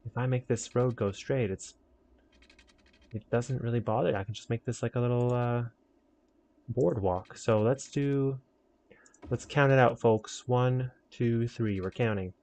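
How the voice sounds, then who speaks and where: A man's voice: mid-range voice, a little slow, dark tone. A young man giving casual, rambling commentary while building a city in a game, joking with himself and his viewers. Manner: rambling, self-mocking, talks to viewers. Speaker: streamer.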